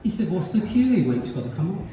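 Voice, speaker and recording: A man's voice: sits high, sing-song, fast, dark tone. A man doing a live stand-up set, delivering punchy jokes and acting out the characters in them. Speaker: stand-up comedian. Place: comedy pub venue with live audience. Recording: roomy, distant, dull live recording.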